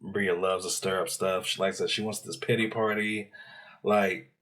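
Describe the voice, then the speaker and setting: Deep voiced guy co-host, laid back, mostly agreeing and adding a line here and there. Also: fairly even intonation, normal speed, fairly bright tone. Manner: low-key, agreeing, short remarks. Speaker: podcast co-host. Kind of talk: casual reality TV recap.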